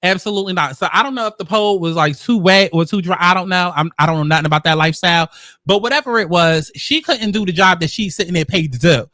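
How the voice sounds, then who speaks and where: A man hosting casual reality-show commentary, telling the story in a sassy, profane, animated way. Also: high-pitched, fast, dry recording, clean studio sound. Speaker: commentary host.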